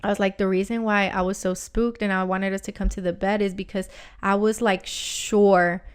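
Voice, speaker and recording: Woman, casual storytelling, smooth clear voice, animated, lots of swearing. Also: medium pitch, moderate pace. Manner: animated, swearing, heavy use of "like". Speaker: podcast co-host.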